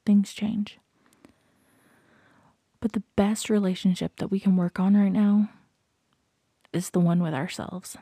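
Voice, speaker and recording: A woman hosting a podcast, giving a slow, reflective motivational talk, often dropping into soft whispers and repeating questions to the listener. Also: mid-range voice, fairly even intonation, breathy edge, no room sound, clean studio sound. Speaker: podcast host.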